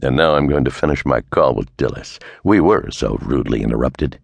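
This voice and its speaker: A man voicing a cool, wry 1930s male private detective who talks in a dry, unhurried way in an audiobook. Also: rumbling low, expressive, gravelly, breathy edge, dry recording, voice pushed down, full character voice. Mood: sardonic.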